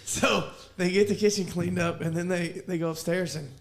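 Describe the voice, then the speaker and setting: A middle-aged man, a podcast co-host, telling a family story in casual chat, animated and often laughing. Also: high-pitched, normal speed, creaky.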